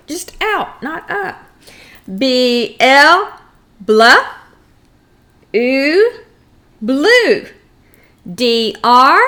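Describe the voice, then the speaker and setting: Woman, first grade teacher, Texan accent, unhurried, sounds out each letter clearly. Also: high-pitched, sharp tone. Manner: slow, clearly sounded-out drills. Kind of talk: phonics lesson to young children.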